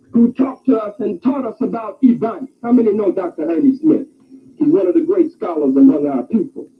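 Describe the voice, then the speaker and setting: A man lecturing with fervor, telling a long animated fable and raising his voice to a shout now and then. His voice sits high, and the sound is squeezed and phone-like, as if from an old tape. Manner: animated storytelling, occasional shouting. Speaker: speaker. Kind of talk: impassioned lecture. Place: campus hall. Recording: tinny phone-like archive recording.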